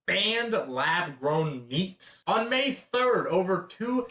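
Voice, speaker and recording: A man's voice: sits high, sing-song, takes it slowly, bright, forceful tone, reverberant, recorded from a distance. An American man recapping the year's news in a casual, chatty way with sarcastic asides and frequent fillers. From United States. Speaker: channel host.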